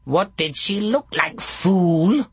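A wicked old witch snaps and snarls in a husky, dry voice, as a male storyteller puts her on. She is curt and spiteful, a storybook hag with no patience. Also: medium pitch, slow, no echo. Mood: snarling. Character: warty old female witch, wicked and snappish.

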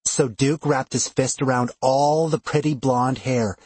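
Expressive male audiobook narrator, husky. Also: medium pitch, measured pace, dry recording. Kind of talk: first-person fiction narration.

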